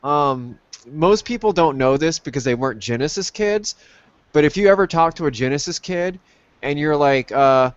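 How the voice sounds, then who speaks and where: Brief: man, slightly high voice, rambling podcast host, dull dry recording. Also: lively intonation, normal speed, clear, resonant tone, dry recording. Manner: rambling with many ums, laughs often. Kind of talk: casual chat over gameplay.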